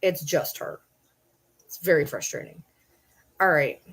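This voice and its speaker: Casting note: woman with a slightly low voice, exasperated home vlogger venting to camera, swears a lot, repeats lines. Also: measured pace, breathy edge. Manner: frustrated, swearing, repeats herself. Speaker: vlogger and livestreamer. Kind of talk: casual rant to camera.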